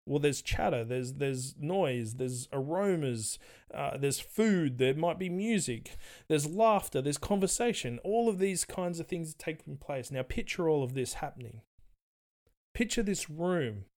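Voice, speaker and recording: A man preaching a storytelling sermon in a voice that sits a little high for a man. He paints scenes for his listeners and climbs to emphatic, pressing stress when he drives a point home. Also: animated, measured pace, darkish tone.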